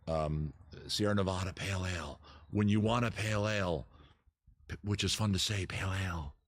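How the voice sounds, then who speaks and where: A man's voice: low-pitched, a little fast, no echo, clean studio sound. A man hosting his own live stream, chatting casually to viewers with jokey, self-mocking asides. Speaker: streamer host.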